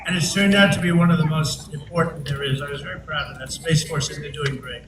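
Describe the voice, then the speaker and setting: A man's voice: fairly high pitch, steady tone, fast talker, crowd noise. A man giving a rambling rally speech to a live audience, boastful and digressive, with mocking asides. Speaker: political speaker addressing an audience. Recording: distant, echoey live feed with noise.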